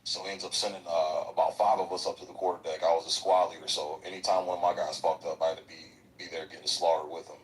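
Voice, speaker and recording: Deep-voiced man telling rowdy war stories. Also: level tone, recorded from a distance, a little hiss or hum, poor audio. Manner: loose, swearing, slangy, drawn-out anecdotes. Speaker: guest, military veteran. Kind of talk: casual profane storytelling.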